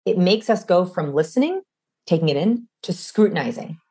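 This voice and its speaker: A woman's voice: lowish voice, normal speed, husky. A young adult woman, a guest expert on communication, explaining energetically in an interview. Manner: energetic, demonstrates voices mid-sentence. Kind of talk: animated interview explanation with vocal demos.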